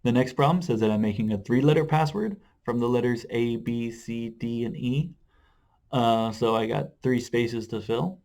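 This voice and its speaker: A man explaining math in a video lesson, relaxed, with frequent "uh" fillers. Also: mid-range voice, normal speed. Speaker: math teacher.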